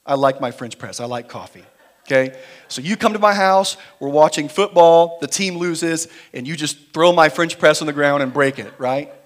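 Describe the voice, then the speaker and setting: A man preaching a sermon in a church, moving between quiet, slow emphasis and louder, driven passages. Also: fairly high pitch. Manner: dynamic preaching, shifting between quiet emphasis and raised intensity. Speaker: pastor. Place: church sanctuary.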